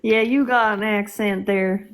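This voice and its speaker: A woman's voice: mid-range voice, steady tone, a little slow. A woman co-hosting a live stream in casual chat, teasing and laughing often. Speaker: livestream co-host.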